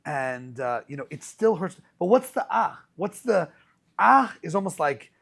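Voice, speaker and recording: A man hosting a podcast as a rabbi, telling stories in a casual, animated way with many restarts. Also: on the high side, measured pace, vocal fry, husky. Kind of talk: casual conversational storytelling.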